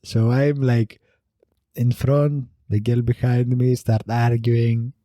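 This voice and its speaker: A man's voice: mid-range voice, flat delivery, slow, mellow, no echo, clean studio sound. A man hosting a solo comedy podcast, rambling through a funny story and laughing as he tells it. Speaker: podcast host.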